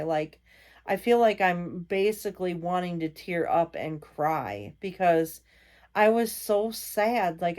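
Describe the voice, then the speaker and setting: A woman's voice: fairly low pitch, a little mellow. A woman vlogger telling a ghost story in a casual, rambling way, full of fillers and self-corrections. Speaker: vlogger host.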